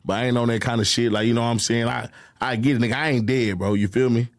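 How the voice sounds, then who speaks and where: Brief: young Houston rapper, quick rambling slang, dry close mic. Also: male voice, mid-range voice, steady tone, dry recording. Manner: loose, slangy, rambling storytelling. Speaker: rapper guest. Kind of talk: casual interview chat.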